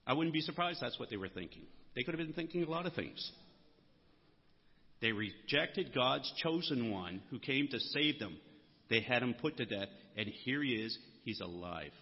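Preacher in a reverberant church hall. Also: male voice, medium pitch, lively intonation, moderate pace, husky. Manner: earnest, rising emphasis on key words. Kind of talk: sermon. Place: church sanctuary. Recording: muffled sound with long hall reverb.

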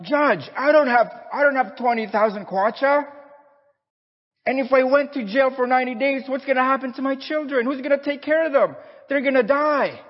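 A man's voice: very high voice, normal speed, in a large hall, highs cut off, pitched above the performer's own voice. A preacher voicing a desperate poor mother who pleads tearfully before a judge. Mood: pleading.

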